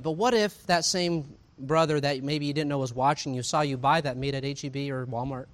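A man, preaching a sermon in a conversational, animated way, full of asides and rhetorical questions. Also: medium pitch, fairly quick. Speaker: pastor.

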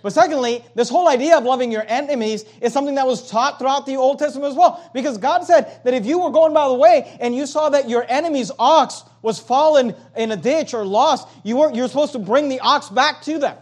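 A man preaching a sermon as pastor, emphatic, with loud high swings and quiet low drops. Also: fairly quick, few pauses.

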